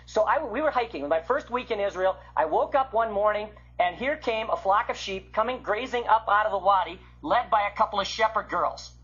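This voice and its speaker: An older man from the Midwest giving an illustrated Bible lecture, with a husky voice that swings from loud to hushed. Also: sits high, expressive, fairly quick, hardly any pauses. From American Midwest. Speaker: Bible teacher. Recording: muffled lo-fi recording.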